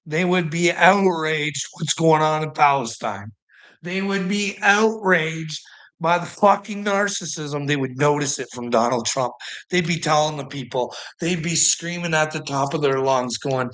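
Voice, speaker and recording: A man's voice: on the high side, a little slow, a bit bright. A man ranting in a monologue, heated and swearing constantly, with short laughs between his points. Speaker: vlogger.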